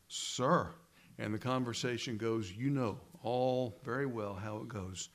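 A man preaches a sermon earnestly and emphatically, using dramatic pauses and dropping his voice low and hushed for quoted lines.

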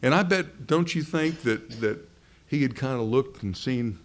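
A man's voice: medium pitch, animated, unhurried. A man preaching a sermon to a live congregation, earnest and emphatic, drawing out key words for stress.

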